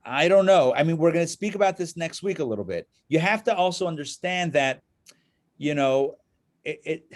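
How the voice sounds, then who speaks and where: Man, rabbi, conversational lecturer, slightly high voice. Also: normal speed. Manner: conversational, checks in with listeners. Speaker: rabbi teaching a class. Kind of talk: live lecture with storytelling.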